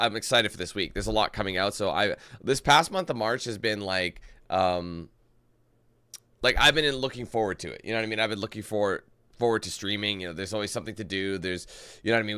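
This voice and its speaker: A man's voice: on the low side, pushed and bright, clear, resonant tone, dry recording. Tired, rambling male streamer. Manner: rambling, chatty, greets chat by name. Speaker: livestreamer. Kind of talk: casual live-stream chat.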